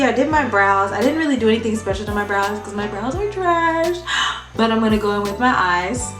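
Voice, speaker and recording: A woman beauty vlogger talking through a casual makeup tutorial in a chatty, sing-song tutorial voice. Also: medium pitch. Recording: echoey room, distant mic, music behind.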